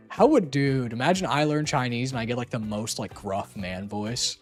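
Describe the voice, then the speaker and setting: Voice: mid-range voice, measured pace, soft background music. A young adult streamer chatting casually, teasing, laughing often and swearing freely.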